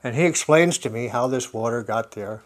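A man shares a personal story with a listening group in a reflective spoken talk. He muses aloud, restarting and correcting himself as he goes, and breaks into soft laughs now and then. His voice sits at an ordinary middle pitch for a man. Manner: halting and self-correcting, with frequent soft laughs; musing and conversational.

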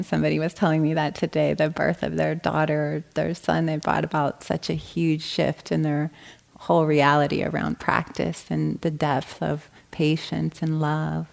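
Woman, meditation teacher, dharma talk, gentle, slightly low voice. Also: creaky. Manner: gentle, warm, often asks "right?".

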